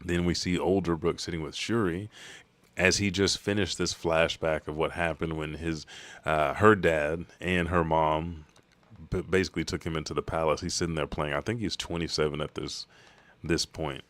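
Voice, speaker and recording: A man's voice: extremely low pitch, fairly even intonation, normal speed, fairly bright tone, no room sound. A man hosting an anime channel, giving a casual, loose and profane manga chapter recap.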